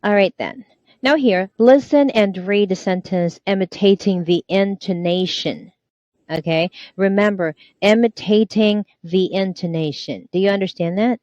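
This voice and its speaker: A woman's voice: mid-range voice, a little slow, a little mellow, no room sound, muffled recording. A woman tutoring English online, prompting and correcting a student with encouragement.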